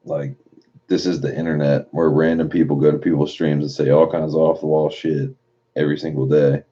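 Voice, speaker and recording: A man's voice: rumbling low, little pitch movement, fairly quick, warm tone, highs cut off. A man live streaming late at night in a casual, profane way, reading chat messages aloud and riffing on them.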